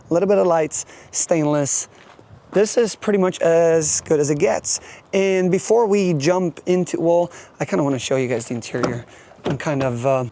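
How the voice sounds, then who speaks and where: A truck-driving vlogger talks casually and rambles with lots of fillers, walking viewers through his day on a handheld camera, first outdoors beside his truck and then inside the cab. His voice sits on the higher side and is slightly mellow.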